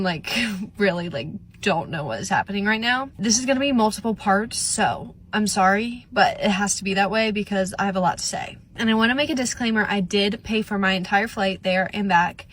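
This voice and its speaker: A woman's voice: medium pitch, a bit bright. A young woman telling a chatty, earnest storytime vlog. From United States. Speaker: vlogger.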